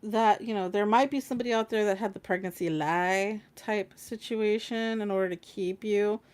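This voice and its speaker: A woman's voice: medium pitch, steady tone, moderate pace. A young woman doing a casual livestream tarot reading, chatty and swearing casually, often laughing. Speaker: tarot reader.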